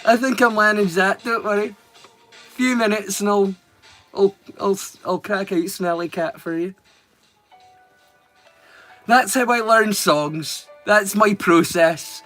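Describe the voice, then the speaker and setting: High-voiced joking Scottish man. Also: slow, pauses often, over music. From Scotland. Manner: joking, teasing, swears freely. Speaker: live streamer. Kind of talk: casual live-stream chat with viewers.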